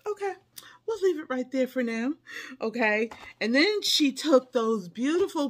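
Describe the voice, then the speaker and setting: A middle-aged woman chatting to her viewers as she unboxes a haul, gushing and effusive, breaking into delighted squeals. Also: a little high. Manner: chatty, calls viewers y'all and honey. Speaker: haul vlogger. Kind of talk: casual unboxing chat to viewers.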